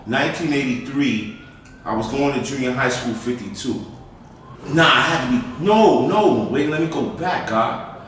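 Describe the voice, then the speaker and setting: A man tells a rough, animated story, backtracking and correcting himself as he goes. His voice sits at a middle pitch and echoes heavily around the room, picked up from a distance with a little faint noise. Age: 50s. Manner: profane, animated storytelling with restarts. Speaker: interviewee. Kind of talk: storytelling in an interview.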